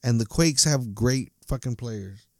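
A man's voice: mid-range voice, measured pace, dry recording. Guy ranting mad about soccer, cursing nonstop, stumbly, dry close mic. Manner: angry, profane, stumbling ranting. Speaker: soccer fan commentator. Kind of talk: casual ranting monologue.

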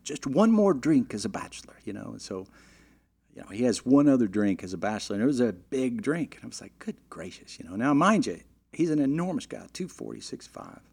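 A middle-aged man telling a long, animated anecdote in a casual way, with frequent "you know" fillers and restarts. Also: mid-range voice, brisk, vocal fry, slightly rough. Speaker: storyteller.

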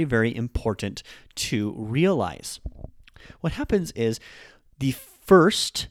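Guy teaching on his podcast, english native, chatty, mid pitch, dry close sound. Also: a little mellow, no room sound. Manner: chatty, repeats words slowly to show pitch. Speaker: podcast host teaching Japanese. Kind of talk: casual spoken lesson.

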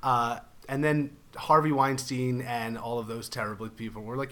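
A man with a bright, sharp-edged voice chats as a podcast guest. He rambles in a loose, self-deprecating way and often laughs while he talks. His voice sits at a middle pitch. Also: flat delivery, moderate pace. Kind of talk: casual podcast chat.

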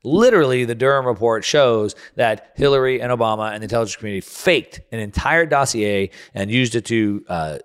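A man's voice: mid-range voice, a little fast, hardly any pauses, clean tone. Guy hosting a talk show, fired up rant, trips over his words a lot. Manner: heated, restarting and stumbling over words. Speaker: radio show host. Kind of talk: political commentary rant.

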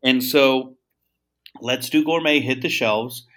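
A man of middling pitch tells a long story as an interview guest. He talks about founding his seasoning brand. He acts out the voices of the people in it and often repeats or restarts words. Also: slow. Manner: animated storyteller acting out dialogue.

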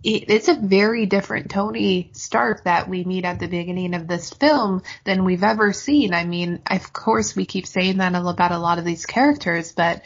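A woman hosting a podcast, leading a casual discussion in a measured, thoughtful way. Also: on the low side, slightly rough. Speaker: podcast host. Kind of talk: casual chat. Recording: dull lo-fi sound.

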